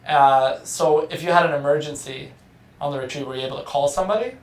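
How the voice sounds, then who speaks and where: A woman hosting a casual podcast interview, her voice sitting very low. She asks curious follow-up questions and keeps the conversation moving with frequent brief affirmations. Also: fast, a little mellow. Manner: inquisitive, backchannels often with short affirmations. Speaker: podcast host.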